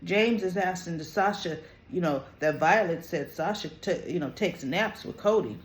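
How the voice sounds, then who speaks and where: A host giving an animated, opinionated casual review of a soap opera episode, with frequent "you know" and "right?" asides. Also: mid-range voice, normal speed, echoey room. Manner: animated, opinionated, quotes characters in lively voices.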